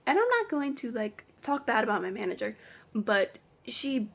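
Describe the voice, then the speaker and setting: A woman vlogger rants through a storytime, piling on "like" as she goes. Her voice sits at an ordinary pitch with plenty of gravelly fry underneath. The delivery stays casual and animated, as if telling friends. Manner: animated, heavy use of "like". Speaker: vlogger telling work stories. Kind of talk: storytime rant.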